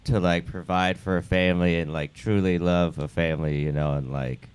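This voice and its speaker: A man in a recovery group shares what he wants in a hesitant, filler-laden way. His voice is very low and clear. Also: fairly even intonation, normal speed. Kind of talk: sharing in a group.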